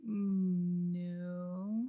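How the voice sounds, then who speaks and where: A young woman co-hosting a reaction video, playful and giggly, jumping in with quick remarks. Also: on the low side, level tone, narrow, tinny audio. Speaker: reaction channel co-host. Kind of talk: casual reaction chat.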